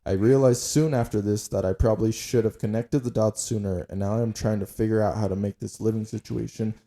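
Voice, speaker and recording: A man's voice: fairly low pitch, steady tone, a little fast, mellow. A young man co-hosting a casual podcast, reading posts aloud in a laid-back way and laughing often. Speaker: podcast co-host.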